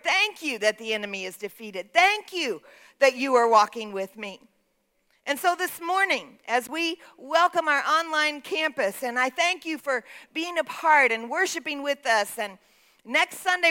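A woman's voice: high voice, sharp tone. A woman pastor preaching a sermon in a church, emphatic, calling out to the congregation for responses. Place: church sanctuary.

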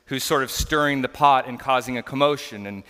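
A man's voice: medium pitch, a little fast, sharp tone, smooth. A man preaching a conversational sermon as a pastor, earnest and explanatory as he walks through scripture in a church. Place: church sanctuary. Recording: long church reverb.

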